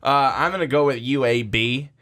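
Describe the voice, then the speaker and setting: A man's voice: medium pitch, normal speed, a bit bright. A man co-hosting a sports podcast, talking casually and hesitantly with frequent ums and uhs. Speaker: podcast co-host.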